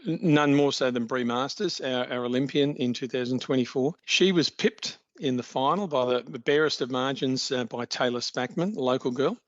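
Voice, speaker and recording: A man, answering interview questions in a measured, informative way and praising the athletes. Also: mid-range voice, no room sound. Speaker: athletics league official guest. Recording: dry, dull-sounding podcast audio.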